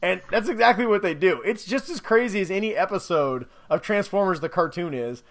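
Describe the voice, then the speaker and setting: A man co-hosting a podcast, excitedly rambling through a movie review in casual chat and laughing often. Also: high voice, brisk, background noise.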